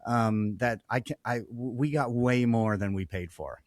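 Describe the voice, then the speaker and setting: A fairly low-voiced man hosts a relaxed podcast conversation. His speech comes with frequent restarts and hesitations, and his sentence ends tend to fade away. The sound is dry and close, with no room around it. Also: normal speed, no echo. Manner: hesitant, restarts often, trails off softly. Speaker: podcast host. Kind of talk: casual conversational interview.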